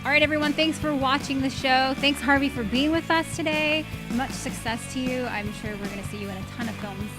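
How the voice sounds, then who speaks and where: A woman's voice: high voice, brisk, hardly any pauses. A woman hosting an entertainment interview show, asking chatty, upbeat questions over a faint music bed. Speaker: host.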